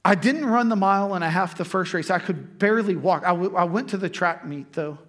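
A man's voice: high voice, a little fast, fairly bright tone. A man preaching, telling a personal story in a conversational way before turning to scripture. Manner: conversational storytelling, frequent restarts. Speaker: pastor.

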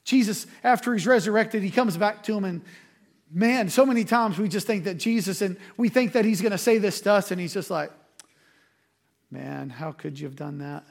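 A man's voice: sits high, a little fast. A man preaching a sermon as a pastor, in a conversational, emphatic way with quoted asides.

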